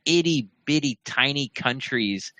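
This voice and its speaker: A man's voice: medium pitch, animated, unhurried, sharp tone, no room sound. A man co-hosting a sports fan podcast, chatting casually with jokey asides and frequent laughs. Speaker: podcast co-host.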